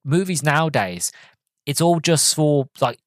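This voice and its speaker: A man's voice: fairly high pitch, animated, a little slow, no echo. A young man hosting a podcast, casually retelling a film's plot with lots of fillers and self-corrections. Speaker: podcast host reviewing a film. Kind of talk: casual spoken film recap.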